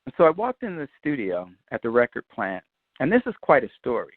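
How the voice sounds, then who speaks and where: Lively man telling a studio story. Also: mid-range voice, fairly quick, no room sound, phone-quality sound. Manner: lively, swears freely, acts out quoted voices. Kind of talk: animated storytelling.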